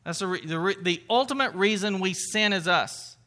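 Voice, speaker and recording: A man's voice: sits high, normal speed, sharp tone. A man preaching as a pastor in a conversational sermon, earnest and playful, often restarting his sentences.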